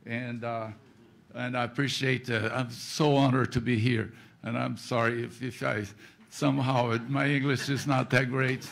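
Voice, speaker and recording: Male honoree, gravelly, halting acceptance speech. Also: mid-range voice, little pitch movement, fairly bright tone. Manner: halting, hesitant, many fillers.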